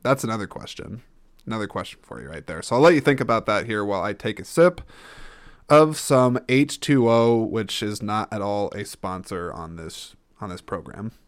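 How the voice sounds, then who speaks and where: A man's voice: lowish voice, normal speed, no echo, studio quality. A man hosting a solo podcast, rambling and thinking aloud, often stopping and restarting. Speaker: podcast host. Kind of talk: casual solo podcast talk.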